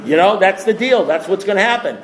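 Male recovery-meeting speaker, higher register, repetitive and emphatic, rhetorical delivery. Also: expressive, brisk, low-quality recording. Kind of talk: impassioned talk to a group.

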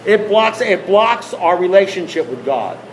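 A man's voice: high voice, very animated, measured pace, a little hiss or hum, low-quality recording. A man speaking to a recovery meeting, emphatic and repetitive, firing rhetorical questions at the room. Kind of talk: impassioned talk to a group.

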